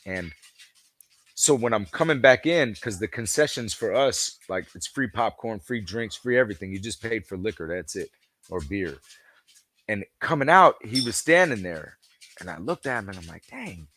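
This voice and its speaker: A man's voice: lowish voice, lively intonation, moderate pace, a bit bright. A man chatting as a podcast guest, telling rambling stories full of "you know" and acted-out dialogue. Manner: rambling storyteller, acts out quoted dialogue; leans heavily on "you know" fillers. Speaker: podcast guest, football fan. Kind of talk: casual chat.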